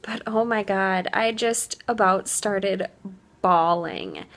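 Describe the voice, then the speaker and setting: A young woman chats into a handheld camera in her kitchen, gushing and earnest, with "like" scattered through every sentence. Her voice sits at an ordinary middle pitch for a woman. It is a relaxed home vlog. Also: takes it slowly. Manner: gushing, heartfelt, heavy use of "like". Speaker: vlogger. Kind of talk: casual vlog chat.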